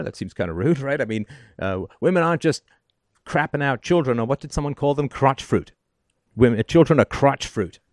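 Man, call-in host, emphatic, sardonic, medium-pitched voice, dry close sound. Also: lively intonation, fairly quick, darkish tone, dry recording. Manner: emphatic and sardonic, keeps asking "right?". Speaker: call-in show host giving advice. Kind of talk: call-in advice monologue.

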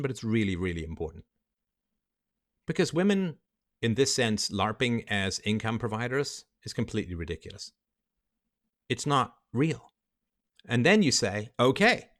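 A man's voice: mid-range voice, animated, normal speed. A man hosting a livestream monologue, emphatic and lecturing, walking through numbers step by step. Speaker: livestream host.

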